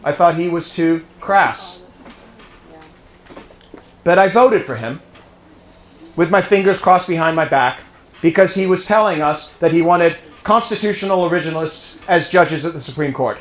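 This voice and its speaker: A British-accented man born in England gives a political speech as a guest speaker to a club audience, telling stories, rallying and quizzing the crowd. His fairly high voice moves at a moderate pace with long pauses, and the live private-home recording is echoey with slight background noise.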